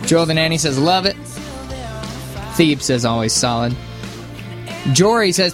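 A radio host trades dry, teasing quips and reads listener messages at a mid-range pitch. Faint music plays underneath him. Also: lively intonation, measured pace, pauses often. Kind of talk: morning radio banter.

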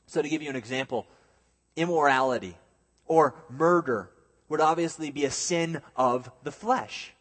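A man's voice: on the high side, moderate pace, in a large hall. A man preaching a sermon. He reads scripture aloud and then explains it, sometimes acting out the voices of people in the story.

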